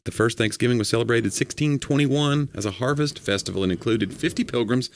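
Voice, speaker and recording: A man's voice: mid-range voice, brisk, creaky, a little hiss or hum. A man from Tennessee with a light Southern accent, co-hosting a podcast in casual chat and reading out facts with playful asides. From Knoxville, Tennessee. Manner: jokey, reads facts aloud with playful asides. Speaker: podcast co-host.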